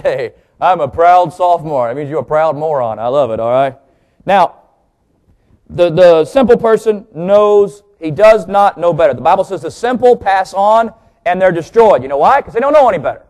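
A man preaching a sermon, joking with the congregation, slowing down and stressing key words as he teaches. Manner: lively, joking, pitch swings for emphasis. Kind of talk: sermon with jokes.

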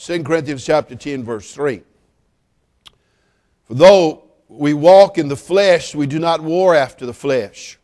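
A middle-aged man preaching at a church service, teasing the congregation with jokes and rising to loud exclamations. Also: mid-range voice. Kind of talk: sermon with humorous asides.

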